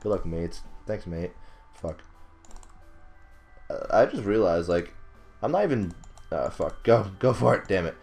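Soft music plays behind a young non-British man commentating on his own gameplay in a deep, expressive, slightly mellow voice. He speaks a little slowly with long pauses, rambling casually, swearing often, laughing at himself, and erupting in frustration.

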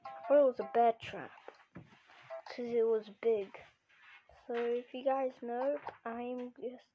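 Woman doing gameplay commentary, high voice, grumbly and complaining, muffled lo-fi audio. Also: steady tone, takes it slowly, soft background music. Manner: frustrated, complaining, keeps asking why. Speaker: gamer. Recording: muffled lo-fi recording.

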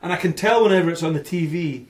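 A man in his forties with a Canadian accent, telling stories as a podcast guest in an animated, chatty way. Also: a little high, fast. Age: 40s. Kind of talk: casual chat.

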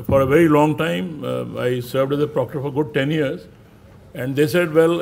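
A middle-aged man delivers a formal address to a seated audience in a conference hall. His voice sits somewhat high. He wanders from point to point, hesitates on "uh", and presses the audience with rhetorical questions. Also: vocal fry. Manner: discursive, with many filler pauses and rhetorical questions. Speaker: guest speaker at an academic convention.

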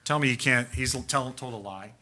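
A man preaching a sermon as pastor in a church, emphatic and animated, firing off rhetorical questions. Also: mid-range voice, moderate pace. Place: church sanctuary.

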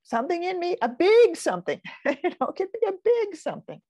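An older woman teaching in a gentle, soothing manner, sometimes dropping to a soft whisper. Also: very high-pitched, huge pitch swings, brisk, no echo. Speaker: focusing teacher. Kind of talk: gentle guided teaching talk.

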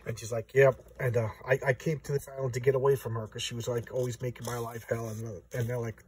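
A man's voice: mid-range voice, quick pace, hardly any pauses, recorded from a distance, rough recording. A man casually reviewing a comic book. He rambles along, restarts his sentences and acts out the characters' lines. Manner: rambling and animated, with many restarts and acted-out quotes.

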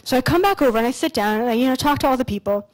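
Woman, slightly high voice, casual storyteller, conference speaker, motivational stage talk. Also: very fast, poor audio. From Canada. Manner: storytelling, casual and animated, swears freely. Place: lecture stage at an expo.

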